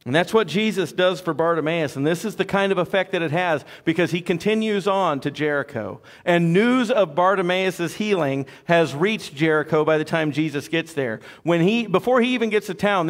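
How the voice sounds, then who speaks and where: A man preaching a sermon as pastor, in a conversational storytelling way with joking asides. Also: fairly high pitch.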